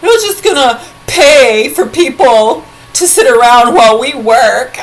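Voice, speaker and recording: A woman's voice: sits high, lively intonation, unhurried, voice pushed up, rough recording. A woman putting on a sneering voice, mocking people who complain about paying for others.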